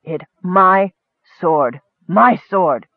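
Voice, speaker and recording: A man voicing a hurt, dazed male goblin who speaks in broken, halting words. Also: high-pitched, lively intonation, dry recording, narrow, tinny audio, exaggerated voice. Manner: halting, strained, broken grammar.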